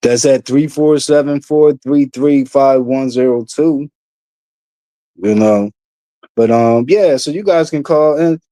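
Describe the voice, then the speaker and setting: A man's voice: mid-range voice, slow pace, mellow, no room sound. A young man hosting a casual livestream, rambling with lots of fillers, blunt and profane. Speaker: livestream host.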